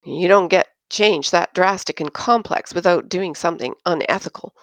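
A woman's voice: fairly low pitch, moderate pace, no echo, natural voice. A cheeky male pilot teases and jokes in a sarcastic, jovial way, as a woman narrator puts him on for an audiobook. The sound is dry and close. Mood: teasing.

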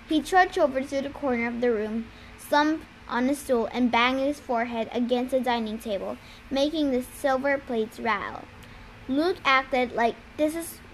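A woman's voice: high-pitched, a little hiss or hum. A woman reading a novel aloud, with small stumbles and self-corrections along the way. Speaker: reader.

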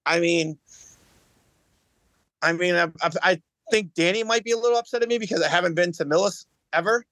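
A man's voice: high-pitched, fairly quick, fairly bright tone, no echo. A man, a guest on a podcast, telling his story in earnest, often restarting and repeating words. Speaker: guest, bowling champion. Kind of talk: casual podcast chat.

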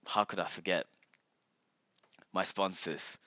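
Rambling guy, bright dry voice. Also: fairly low pitch, moderate pace, no echo. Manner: rambling, self-mocking, swears often. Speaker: podcast host. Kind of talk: casual solo podcast monologue.

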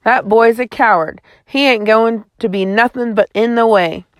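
A woman's voice: a little high, moderate pace, no room sound, lightly acted. A woman voicing a scornful, hostile man who snarls his lines in an audiobook reading. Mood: sneering. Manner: snarling, sneering. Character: gruff male neighbor, scornful and hostile.

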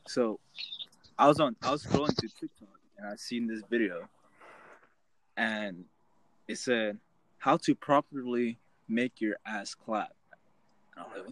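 A man's voice: mid-range voice, measured pace, long pauses, low-quality recording. A young man co-hosting a casual podcast, telling a long story with lots of swearing and restarts. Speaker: podcast co-host. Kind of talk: casual chat.

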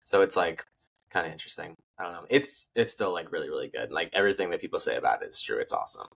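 A man's voice: deep voice, expressive, rapid-fire, creaky, fairly bright tone, husky. A young man co-hosting a podcast, giving a laid-back, loosely phrased movie review. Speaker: podcast co-host. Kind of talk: casual movie review chat.

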